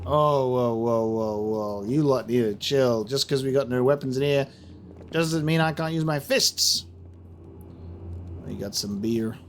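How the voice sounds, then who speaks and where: A man's voice: medium pitch, a little slow, slight background noise. A man giving casual, jokey, rambling commentary while playing a game. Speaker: let's play host.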